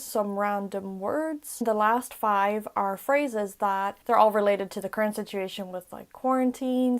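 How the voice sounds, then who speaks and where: A young woman, teaching everyday words in a casual vlog-style lesson, repeating each one slowly and carefully. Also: mid-range voice. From Ireland. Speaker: language tutor.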